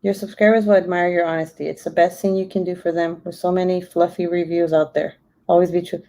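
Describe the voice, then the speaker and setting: A woman's voice: fairly low pitch, fairly even intonation, brisk, dark tone. A woman in her twenties chatting casually on her live stream, cussing freely and laughing often. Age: 20s. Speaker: YouTuber.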